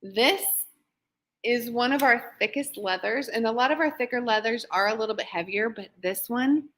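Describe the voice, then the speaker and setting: A woman's voice: on the high side, moderate pace, fairly bright tone. A woman who owns a small shop, presenting new products on a live shopping stream in a bubbly, gushing, chatty way.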